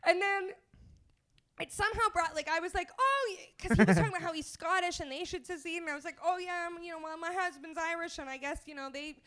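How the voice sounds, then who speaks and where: A woman from Canada, telling a comedic story as a podcast guest in a chatty, animated way. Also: extremely high pitch, fast. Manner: chatty and animated, laughs often between phrases.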